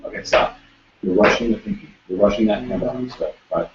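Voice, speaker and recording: A man gives a one-on-one guitar lesson, direct and repetitive with his corrections. His voice sits a little low and comes from some way off the mic. The room echoes, the sound is dull and lo-fi, and guitar playing runs underneath. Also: steady tone, fast talker, distant mic. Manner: direct, coaching, repeats instructions. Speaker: guitar teacher.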